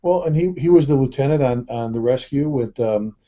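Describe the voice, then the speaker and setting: A man's voice: medium pitch, fairly quick. A male host of a panel talk who stammers and repeats words as he starts his questions. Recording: muffled lo-fi web call audio.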